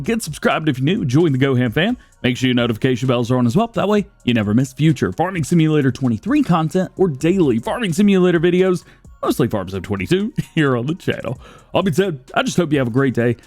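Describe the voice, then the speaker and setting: A man's voice: a little high, darkish tone, no room sound. A man running through game news for his channel's viewers in a chatty, upbeat way. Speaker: gaming YouTuber. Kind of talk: scripted game news rundown.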